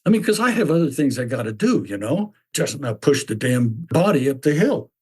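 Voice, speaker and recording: A man in his seventies tells a personal story in a reflective podcast talk, turning over questions out loud. His voice has a husky, slightly breathy grain, and his pitch sits in a mid range. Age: 70s. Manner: musing, full of rhetorical questions. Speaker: podcast host.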